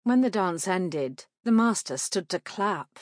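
A woman narrating an audiobook in a measured, clear way. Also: mid-range voice, lively intonation, no room sound, clean studio sound.

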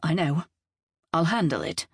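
A woman's voice: low-pitched, big pitch swings, measured pace, breathy edge, no echo, full character voice. A woman voicing a resolute young woman who speaks firmly and earnestly.

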